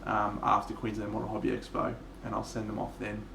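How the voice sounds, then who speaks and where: A man's voice: on the low side, monotone, a little fast, vocal fry, a bit bright, a little hiss or hum. A man with an Australian accent, chatting casually and swearing freely while streaming his miniature painting live. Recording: echoey room.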